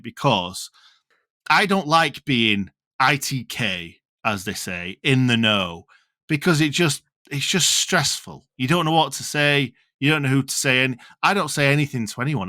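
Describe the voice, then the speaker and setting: A man's voice: medium pitch, bright, forceful tone, no room sound. An English man co-hosting a football podcast, telling a rambling story in casual chat. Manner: chatty, rambling storyteller with mate-talk. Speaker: podcast co-host.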